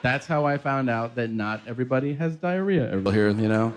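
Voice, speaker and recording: A man performs stand-up in a mid-pitched voice, crude and self-deprecating. He acts out both sides of his conversations as he tells the story. The live club recording is noisy, with audience laughter behind him. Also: expressive, a little fast, some chatter behind. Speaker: stand-up comedian. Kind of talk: stand-up comedy set.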